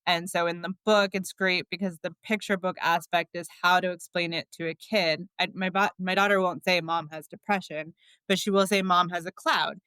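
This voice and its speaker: Chatty woman guest with a bright, clean voice. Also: on the low side, steady tone, normal speed, clear, resonant tone, no room sound. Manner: chatty, frequent filler words, laughs often. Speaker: podcast guest, author. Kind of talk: candid conversational storytelling.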